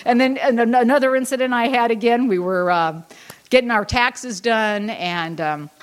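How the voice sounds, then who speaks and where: A woman's voice: a little high, normal speed, clear, resonant tone. A middle-aged woman telling a long, rambling personal story at an Al-Anon meeting, full of fillers and restarts. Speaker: Al-Anon speaker. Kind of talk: personal recovery talk.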